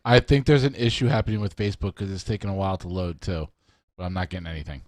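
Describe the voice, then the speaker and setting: A man's voice: deep voice, fairly even intonation, fast talker, no room sound, studio quality. A man co-hosting a casual podcast, blunt and emphatic with crude language. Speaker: podcast co-host.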